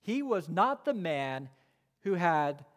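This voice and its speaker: A man preaching from the pulpit, his fairly high voice carrying a long reverb through the sanctuary. He stresses key phrases slowly and rushes through asides. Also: sing-song. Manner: emphatic, swings between quick asides and slow stressed phrases. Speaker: pastor. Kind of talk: sermon. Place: church sanctuary. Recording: long reverb of a church hall.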